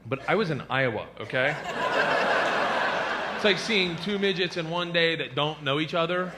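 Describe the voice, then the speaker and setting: A man doing a stand-up comedy routine, loud and animated, jumping into silly voices. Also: fairly high pitch, moderate pace, heavy background noise.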